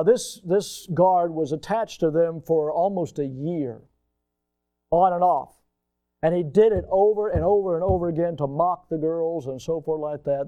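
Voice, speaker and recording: A man preaching a sermon, telling a story with dramatic swings from loud emphasis to hushed quiet, calling his listeners folks. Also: a little high. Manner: folksy, addresses audience as folks.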